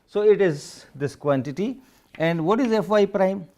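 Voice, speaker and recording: A man's voice: high-pitched, expressive, a little slow, darkish tone. A man giving a physics lecture, working through equations step by step and repeating phrases as he writes. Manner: repeats phrases while writing, methodical.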